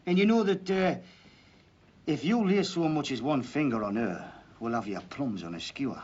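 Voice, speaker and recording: Man as a protective builder, animated voice, dull soundtrack, faint hiss. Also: mid-range voice, moderate pace, lightly acted. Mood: stern. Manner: mock-stern, threatening in jest.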